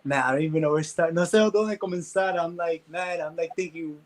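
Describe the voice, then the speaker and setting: Earnest high-voiced young man. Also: steady tone, a little fast, rough recording. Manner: earnest, full of fillers. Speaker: guest. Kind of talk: casual interview talk.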